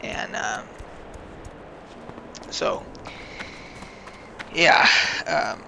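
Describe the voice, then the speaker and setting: A man casually rambling through gaming stories while he plays, swearing freely and getting animated as the stories build. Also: extremely slow, a little hiss or hum. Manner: rambling, profane, animated storytelling. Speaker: gaming channel host. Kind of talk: casual gameplay commentary with stories.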